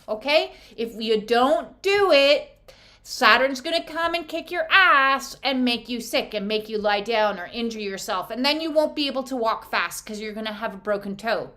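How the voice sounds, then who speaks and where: Middle-aged woman, oracle card reader, casual and chatty, blunt and salty, slightly higher voice. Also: bright, forceful tone. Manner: chatty, blunt, swears freely, laughs often. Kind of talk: casual spiritual card reading.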